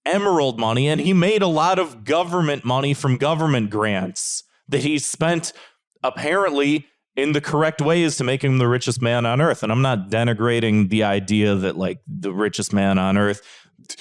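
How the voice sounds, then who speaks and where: A man's voice: medium pitch, normal speed. A man on a podcast, ranting in an exasperated, casual way and swearing freely. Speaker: podcast panelist.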